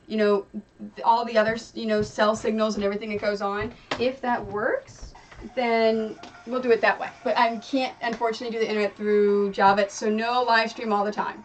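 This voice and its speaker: A woman's voice: fairly high pitch, distant mic, a little hiss or hum, low-quality recording. Chatty woman streamer, a bit off-mic. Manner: chatty and rambling, with many fillers. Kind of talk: casual chat while quilting. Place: home craft room. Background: music playing.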